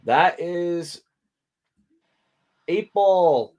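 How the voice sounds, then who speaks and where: A man's voice: high voice, lively intonation, drawn-out words, darkish tone, lo-fi sound. A man hosting a casual wrestling watch-along, chatting, laughing easily and sharing trivia. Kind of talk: casual chat.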